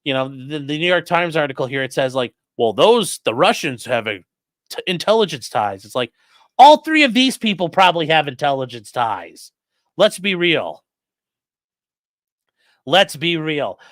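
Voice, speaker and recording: A man's voice: on the high side, very animated, moderate pace, a bit bright, no echo. A man hosting a casual livestream, reading chat comments and commenting bluntly with swearing and lots of fillers. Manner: blunt, profane, rambling with many fillers.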